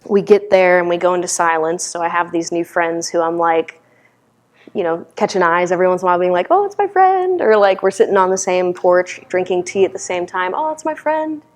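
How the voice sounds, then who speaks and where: A woman's voice: fairly low pitch, flat delivery, fairly quick. A woman giving a dharma talk as a meditation teacher, telling stories in a candid, conversational way.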